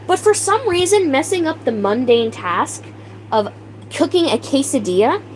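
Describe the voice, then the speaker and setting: Animated young woman telling a story to live chat. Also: high-pitched, normal speed, slight background noise, rough recording. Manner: animated, exaggerated outrage, laughing, reads chat names aloud. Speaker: livestream host.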